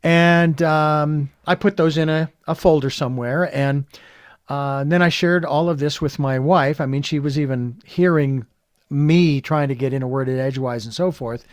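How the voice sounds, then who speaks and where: A man hosting an interview, retelling a personal story in an animated, reflective way with many fillers. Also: a little high, moderate pace, no room sound, clean studio sound. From California. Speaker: podcast host.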